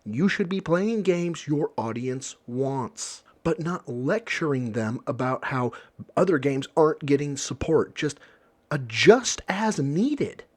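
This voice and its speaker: A man's voice: a little high, animated, slow. A man giving blunt, sarcastic reaction commentary, lecturing with profanity.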